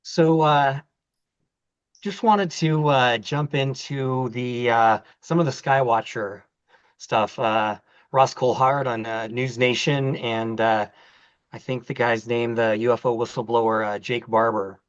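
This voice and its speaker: A man co-hosts a podcast and speaks very slowly and hesitantly, pausing often on fillers. His middle-pitched voice comes through a dull, lo-fi recording. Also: steady tone, clear, resonant tone. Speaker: podcast co-host. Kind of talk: casual chat. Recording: dull lo-fi audio.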